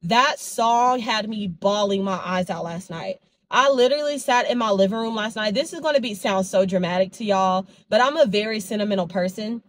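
A woman's voice: medium pitch, moderate pace. A young woman talks straight to her phone camera in a loose, chatty vlog style. She tells stories animatedly, slipping into quoted lines from her own conversations, recorded in her car and around her home. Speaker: vlogger. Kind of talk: casual vlog chat to camera.

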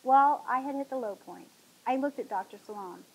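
A woman hosting a talk show, reading a novel aloud in a dramatic, expressive way. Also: fairly high pitch, brisk, creaky, husky, low-quality recording.

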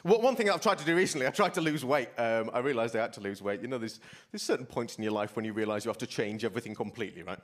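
A man's voice: mid-range voice, lively intonation, rapid-fire. A young man doing stand-up on a live stage, self-deprecating and chatty, tripping over his words on the way to each punchline. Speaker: stand-up comedian. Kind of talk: stand-up comedy set. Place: live stage before a laughing audience. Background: audience laughter.

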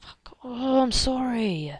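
A woman giving let's play commentary, excitable and gasping, chattering at game characters and dropping into hushed whispers. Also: a little high, takes it slowly, husky, dry recording. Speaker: gamer.

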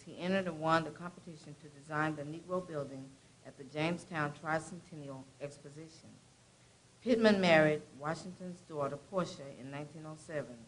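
A woman from a college staff reads a short biography at an event. She sounds casual and chatty, breaking off for quick asides between facts. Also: sits low, poor audio. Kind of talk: reading a biography aloud.

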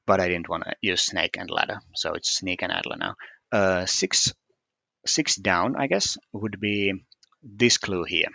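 Man, low voice, methodical puzzle walkthrough, hesitant, dry close recording. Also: unhurried, gravelly, pushed and bright, no room sound. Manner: hesitant, many fillers and restarts, methodical. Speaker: puzzle solver explaining solutions.

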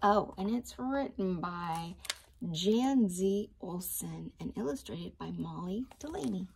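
Woman teacher, storytime read-aloud for young kids; unhurried, animated pitch, slightly raspy. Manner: slow, expressive, sing-song storytime delivery. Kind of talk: reading a picture book to children.

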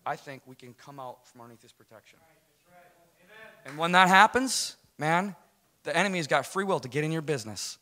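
A man's voice: on the high side, fairly quick. A man telling his personal testimony to a church audience, speaking emphatically in a loose, conversational way and checking in with "right?". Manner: animated, emphatic, conversational, keeps asking "right?".

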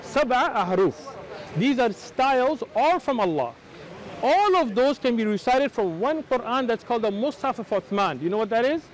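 A man's voice: normal speed, rough recording. An American man in a heated street debate, insistent and interrupting, explaining points at length. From United States. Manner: insistent, interrupting, explaining with rising animated pitch. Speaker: Muslim street preacher.

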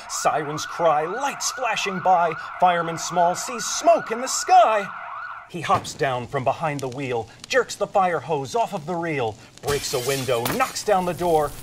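A man's voice: on the high side, noisy background. Man reading a rhyming storybook aloud. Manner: lively sing-song rhyming delivery, soft and hushed on the bedtime lines. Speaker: storybook reader. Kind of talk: reading a children's picture book aloud.

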